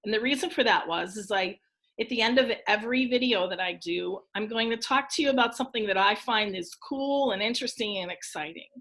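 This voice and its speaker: A woman teacher giving a recorded phonics lesson to young children, speaking in an encouraging way and enunciating each word clearly. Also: medium pitch, a little fast, a bit bright. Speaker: elementary school teacher.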